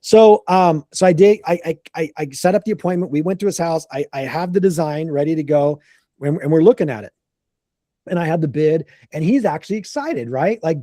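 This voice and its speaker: A man tells a casual work story with lots of energy, acting out each quote and tripping over his restarts. His voice sits a bit high but sounds mellow and relaxed. The recording is dry and close. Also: fairly quick, dry recording. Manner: animated, acts out quotes, frequent restarts. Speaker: contractor telling a story.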